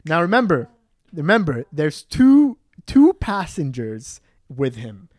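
A young Palestinian man spins a story in casual chat, his pitch leaping up and down as he acts out the other people. He swears freely and laughs a lot. The sound is dry and close. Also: slow, dry recording. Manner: animated, acts out voices, swears, laughs often.

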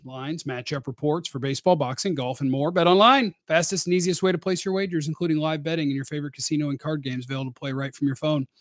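A man's voice: fairly high pitch, fairly bright tone, dry recording, clean studio sound. A man hosting casual live-stream sports commentary, blunt and opinionated with a rambling delivery. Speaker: sports radio host.

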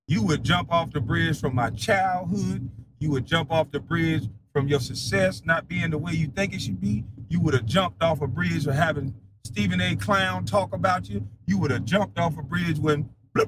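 A man in a heated, profane monologue, defiant and mocking, laughing scornfully and swinging between low mutters and loud taunts. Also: moderate pace, background noise. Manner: casual slang-heavy speech.

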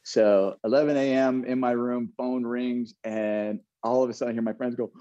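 A man's voice: mid-range voice, fairly even intonation, fairly quick, hardly any pauses, mellow, dry recording, dull audio. A man, a former ballplayer, reflecting in a casual interview and telling stories with frequent laughs and restarts. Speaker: guest, former pro baseball player.

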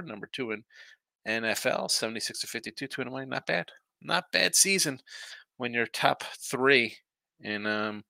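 Bright-voiced, rambling sports picks host. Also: male voice, medium pitch, vocal fry, no echo. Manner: rambling, self-talking, trailing off. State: sleepy, yawning. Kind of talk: casual solo sports picks show.

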